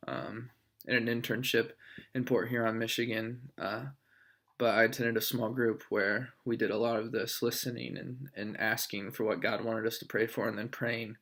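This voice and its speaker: A young man, a student, recording a discussion post in a thoughtful, halting way with many fillers. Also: mid-range voice, fairly even intonation, a bit bright.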